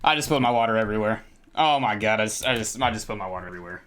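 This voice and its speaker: A man's voice: fairly low pitch, animated, racing, a bit bright. A young man streaming live, chatting casually with viewers and exclaiming and repeating himself when startled.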